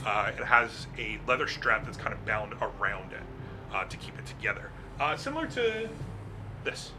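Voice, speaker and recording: A man's voice: on the low side, big pitch swings, normal speed, background noise. A man narrating a tabletop game as game master, casual and laughing, who swears now and then.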